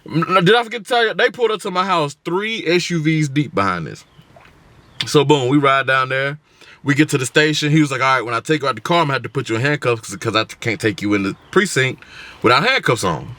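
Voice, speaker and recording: Animated man telling a story. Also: fairly high pitch, quick pace, no room sound. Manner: animated, slangy storytelling with voiced quotes. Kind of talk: casual storytime. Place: car. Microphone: camera in the car.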